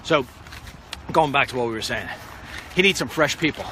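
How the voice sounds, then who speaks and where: Out on the street with background noise around him, a middle-aged man films a walk-and-talk vlog on a handheld phone. The political vlogger has a medium-pitched voice with lively intonation at a moderate pace, and he rambles confidently while addressing the president directly.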